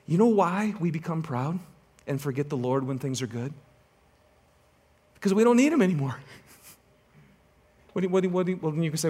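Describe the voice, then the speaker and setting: A man's voice: on the high side, moderate pace, long pauses, slightly rough. A man preaching a sermon, telling a story with humor and teasing the congregation. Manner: animated storytelling, joking with the congregation. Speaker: pastor.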